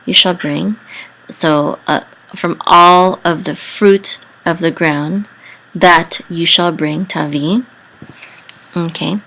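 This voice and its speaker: Woman, Hebrew lesson, very slow and deliberate, lowish voice, pauses and fillers. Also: a bit bright, rough recording. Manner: deliberate, spells out letters and vowels with many pauses and fillers. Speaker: Hebrew teacher.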